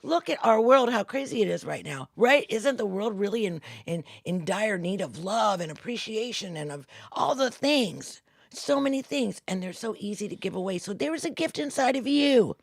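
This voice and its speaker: Gravelly, animated woman giving a pep talk. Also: mid-range voice, normal speed, no echo, studio quality. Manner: animated, acts out inner voices, drops to hushed intensity. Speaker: co-host, spiritual coach. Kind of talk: spontaneous motivational talk.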